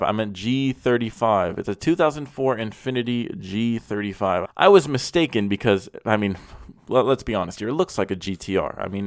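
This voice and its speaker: A man's voice: mid-range voice, no room sound, clean studio sound. Blunt, mocking young man reviewing cars. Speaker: car reviewer host. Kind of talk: profane comedic car commentary.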